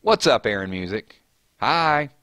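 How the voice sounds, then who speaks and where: Reading viewer comments and chatting loosely, this casual live-stream host has a clean, mid-range voice and talks a little slowly. Names and questions make his voice jump up, giving him an animated manner. The recording is dry and studio quality.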